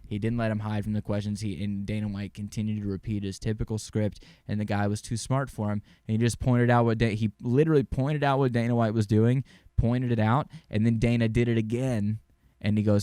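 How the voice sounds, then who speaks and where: A man's voice: on the low side, flat delivery, fairly quick, warm tone, smooth, no echo, clean studio sound. A young man hosting his own podcast, talking casually and rambling, with frequent swearing and easy laughs. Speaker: podcast host. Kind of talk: casual solo podcast talk.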